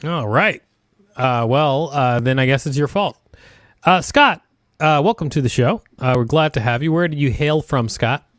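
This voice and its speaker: A man hosting a live-streamed talent show over a video call, halting with many fillers and dry jokes. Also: mid-range voice, fairly bright tone, no echo.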